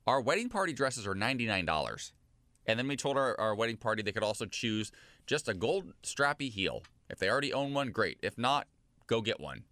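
Lively, bright-voiced male radio co-host. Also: medium pitch, a little fast, dry recording. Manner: animated, enthusiastic storyteller. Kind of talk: casual radio show chat.

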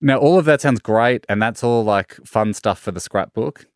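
A middle-aged Australian man, a podcast guest, telling stories in an animated, self-deprecating way and acting out the lines he quotes. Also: on the low side, normal speed, clean tone, dry recording, clean studio sound. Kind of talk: casual storytelling.

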